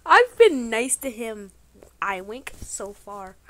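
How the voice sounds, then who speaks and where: A woman giving excitable, slangy commentary over her own gameplay, bursting into exclamations. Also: fairly high pitch, slow pace. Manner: playful trolling banter, slangy. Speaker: gaming channel host.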